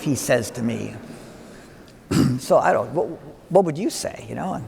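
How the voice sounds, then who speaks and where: An older man giving a wedding homily as a priest, telling a story with asides and gentle humor. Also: mid-range voice, expressive, unhurried, creaky, long pauses, a little hiss or hum. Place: church. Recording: long church reverb.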